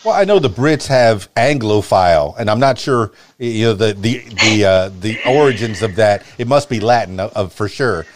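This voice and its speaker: A man's voice: on the low side, animated, normal speed, hardly any pauses, noisy background. A man from Miami hosting a podcast interview in a neutral American broadcaster accent, stammering and restarting often. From Miami, Florida, USA. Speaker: podcast host. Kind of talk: casual interview chat.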